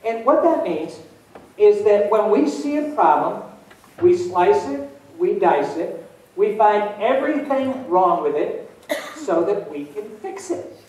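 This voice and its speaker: A man giving a motivational keynote talk to students, telling funny stories in an animated way. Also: sits high, slow. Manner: animated, humorous storytelling. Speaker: motivational speaker. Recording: echoey hall from far off.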